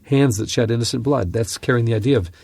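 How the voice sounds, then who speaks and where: A man teaching from scripture on a podcast, telling a personal story in an earnest, animated way. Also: mid-range voice, fast talker, creaky, breathy edge. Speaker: Bible teacher and podcast host.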